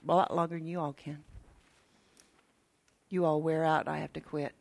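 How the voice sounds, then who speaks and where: Older woman preacher, slow and chatty, talks straight to the pews. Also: low-pitched, fairly even intonation, fairly bright tone. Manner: chatty, folksy, with asides to the congregation. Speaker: minister. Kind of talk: sermon.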